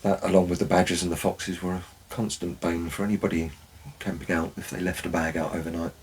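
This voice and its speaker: A man's voice: deep voice, little pitch movement, fast, darkish tone, slightly rough, low-quality recording. A man, a former forest warden, tells wry anecdotes in a dry, storytelling way. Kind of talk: storytelling narration.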